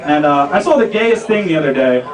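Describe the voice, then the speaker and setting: A young man working a stand-up set in a small lounge, his voice high and swinging all over. He rambles loosely and lands punchlines deadpan. The sound is roomy and a little distant, with a loud crowd laughing. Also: a little fast. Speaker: stand-up comic. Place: small restaurant lounge stage. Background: audience laughter.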